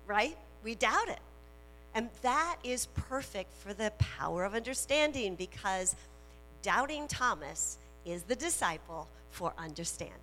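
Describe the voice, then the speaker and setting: A woman minister preaching a sermon in a slow, emphatic way, repeating her key phrases. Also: medium pitch, sharp tone. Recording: reverberant hall with faint music and hum.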